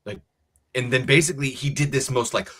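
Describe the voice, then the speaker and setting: An American man, co-host of a casual talk show, telling a story in a lively way and acting out the voices of the people in it. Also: medium pitch, a little fast. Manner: animated storyteller acting out quotes.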